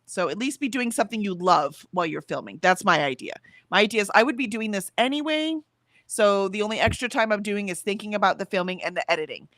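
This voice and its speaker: A woman's voice: mid-range voice, expressive, fast, a bit bright, no echo. A woman co-hosting a casual livestream, chatting emphatically, laughing easily, and reading out viewer comments. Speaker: livestream co-host.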